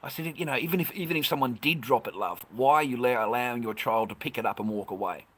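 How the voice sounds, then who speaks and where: Talking quickly in a medium-pitched, somewhat bright and husky voice, a fifty-something Australian livestream host rants bluntly to his viewers. The chat is casual and thick with swearing.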